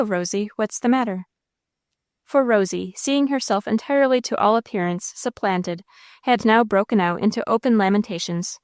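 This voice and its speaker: A woman narrator giving a measured, expressive reading of a classic novel into a close mic. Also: mid-range voice, smooth, dry recording. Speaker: audiobook narrator.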